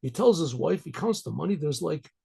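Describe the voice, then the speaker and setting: A man's voice: fairly high pitch, lively intonation, fairly quick, creaky, darkish tone, breathy edge. A male rabbi telling a folk story in a loose, conversational way, restarting his sentences often.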